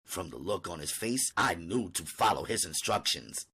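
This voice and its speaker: A man's voice: low-pitched, sing-song, normal speed, bright, forceful tone, husky. A man reading an audiobook aloud in first-person narration.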